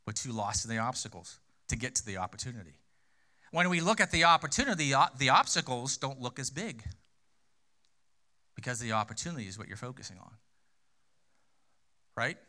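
A man's voice: mid-range voice, very animated, brisk, pauses often, pushed and bright. A male pastor preaching a sermon in a conversational way, asking rhetorical questions and repeating key phrases for emphasis.

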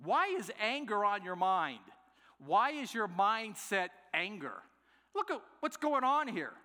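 A man's voice: fairly high pitch, a little fast. A man voicing God as a patient male figure who asks probing questions, heard in a long echoing hall. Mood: questioning. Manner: calm, probing, reasoning questions.

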